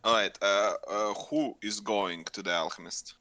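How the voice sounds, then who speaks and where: A man's voice: on the low side, fairly even intonation, a little slow, bright, forceful tone. A man narrating a tabletop game as game master, hesitant with fillers while describing scenes.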